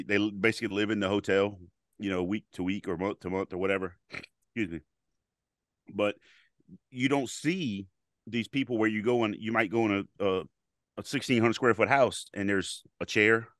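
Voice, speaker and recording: Bright laughing firefighter podcast man. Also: on the low side, dry recording, studio quality. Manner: laughs often, swears freely, rambling. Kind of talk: casual chat.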